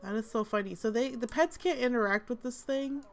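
Chatty gamer girl narrating her game, amused, lots of ums, creaky voice. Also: on the high side, a little fast. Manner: chatty, amused, many fillers. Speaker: gaming channel host. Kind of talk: casual gameplay commentary.

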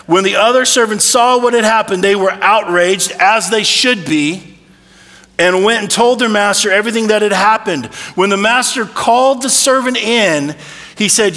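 Male pastor, high and bright, conversational preaching with rhetorical asides, long church reverb. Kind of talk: sermon. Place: church sanctuary.

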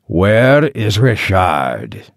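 A man voicing an angry, heavyset male caller with a deep, growling voice and a French accent, curt and interrupting. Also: huge pitch swings, drawn-out words, gravelly, dry recording, clean studio sound, exaggerated voice. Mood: gruff.

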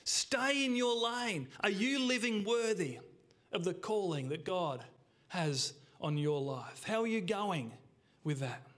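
High-voiced man preaching a sermon. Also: expressive. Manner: emphatic, with slowed words and drops to a hush; addresses the congregation directly. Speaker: pastor.

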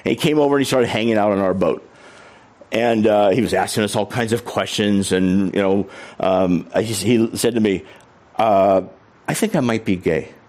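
A man's voice: fairly low pitch, moderate pace, a little mellow. A middle-aged man giving a humorous storytelling keynote talk on stage. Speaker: keynote speaker.

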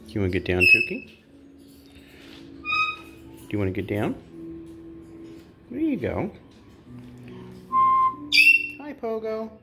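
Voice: mid-range voice, huge pitch swings, measured pace, gravelly. A bird sanctuary caretaker chatting to pet parrots in cooing baby talk indoors, with asides to viewers. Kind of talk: casual vlog, talking to pet parrots. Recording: loud music playing behind.

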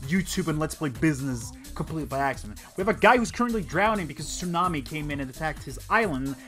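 High, lively man joking over gameplay. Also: quick pace. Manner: excitable and sarcastic, rambling asides. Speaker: let's play host. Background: faint game music.

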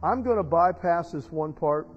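A man preaching a sermon as pastor, telling stories and building to loud, emotional preaching. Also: a little high, animated, normal speed, slightly rough. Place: church sanctuary. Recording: dull sound in a reverberant church hall.

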